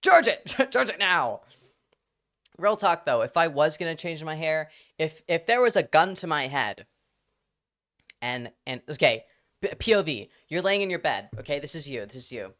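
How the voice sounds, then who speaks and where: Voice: medium pitch, expressive, normal speed, fairly bright tone. A live streamer chatting casually with their audience, rambling, laughing often and swearing freely.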